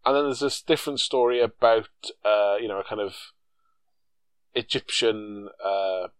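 A man's voice: on the low side, moderate pace, clear, resonant tone, no room sound. A man co-hosting a casual film-review chat, sarcastic and jokey, swearing freely. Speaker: podcast co-host.

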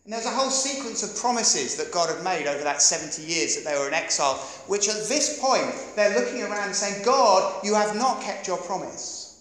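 English guy preaching in a big echoey church hall, fairly high voice, throws in jokey asides. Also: a little fast, hardly any pauses. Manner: animated, jokey asides to the congregation. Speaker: pastor. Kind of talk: sermon.

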